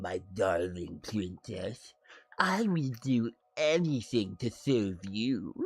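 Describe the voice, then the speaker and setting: A doting, seductive suitor as a man puts him on drawls each word slowly in a husky, breathy hush. His pitch still swoops and lilts as he fawns, with soft music playing faintly underneath. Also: exaggerated voice.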